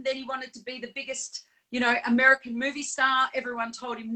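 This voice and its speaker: A woman co-hosting a casual live chat in a chatty, animated way, with frequent fillers and laughs. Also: high-pitched, fairly quick, few pauses, low-quality recording. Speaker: co-host.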